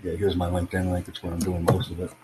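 A man's voice: low voice, monotone, quick pace, heavy background noise. A man hosting his own livestream podcast, chatting casually with callers in a rambling, repetitive, self-promoting way. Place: in the United States.

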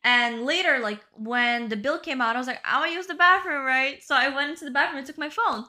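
A woman's voice: high voice, fairly quick, sharp tone. A young woman co-hosting a podcast, telling a casual story, swearing and often adding "bro" and "right?". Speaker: podcast co-host. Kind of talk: casual chat.

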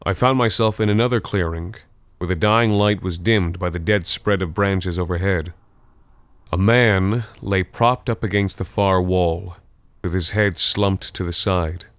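Deep, smooth male horror narrator. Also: no room sound. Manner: measured, tense first-person storytelling.

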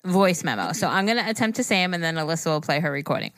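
A woman's voice: sits low, very animated, rapid-fire, fairly bright tone, no echo. A woman co-hosting a casual podcast, teasing and laughing as she talks. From United States. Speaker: podcast co-host. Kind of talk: casual chat.

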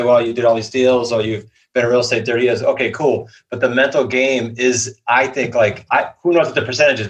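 Casting note: man in his fifties, reflective guest, slightly dull recording. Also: mid-range voice. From Boston area. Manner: reflective, conversational. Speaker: podcast guest. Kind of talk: interview answers.

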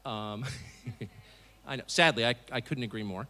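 A man's voice: medium pitch, measured pace, sharp tone. A middle-aged American man, a television host, giving a public speech to a live audience with sardonic, mocking asides and an emphatic delivery. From United States. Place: event hall before an audience.

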